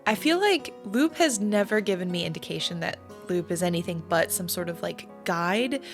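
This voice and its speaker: A woman's voice: on the low side, expressive, normal speed. Chatty woman over game music. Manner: chatty, reactive, musing aloud. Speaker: let's play gamer. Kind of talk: casual gameplay commentary.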